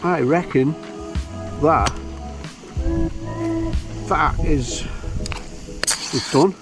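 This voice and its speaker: A man's voice: on the high side, extremely slow, music in the background. A man chatting and musing aloud while he cooks and camps alone on a hilltop. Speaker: outdoor vlogger. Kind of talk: casual solo camping vlog. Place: hilltop wild camp outdoors.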